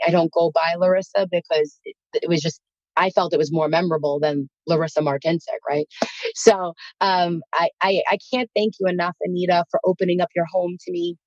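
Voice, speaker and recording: A woman's voice: on the low side, a little mellow, no room sound, highs cut off. A woman from Queens with a New York accent, a spiritual guest speaking earnestly and encouragingly on a podcast. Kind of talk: podcast interview.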